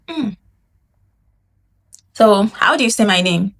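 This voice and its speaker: A woman teaching a Mandarin lesson in English, saying phrases slowly and drawing them out for learners to repeat. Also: medium pitch, animated, a bit bright. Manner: slow, drawn-out model phrases for learners to repeat; explains in English, demonstrates in Mandarin. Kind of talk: language lesson with repetition drills.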